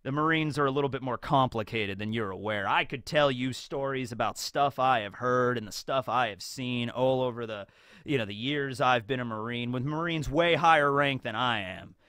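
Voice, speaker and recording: A man voicing a gruff, cynical older navy captain locked in a cell, with a low, quiet, knowing drawl. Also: normal speed, no echo, studio quality, close to an everyday voice.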